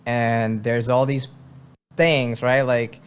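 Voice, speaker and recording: A man from Venezuela, a military veteran, speaking as a podcast guest in a halting, thoughtful way with frequent fillers. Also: mid-range voice, level tone, clear, resonant tone. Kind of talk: casual interview.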